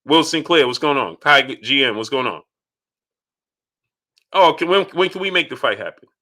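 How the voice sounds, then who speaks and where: A man's voice: medium pitch, animated, normal speed, sharp tone. A man hosting a live boxing talk stream. He greets chat viewers by name and repeats his points with emphasis. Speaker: boxing channel host.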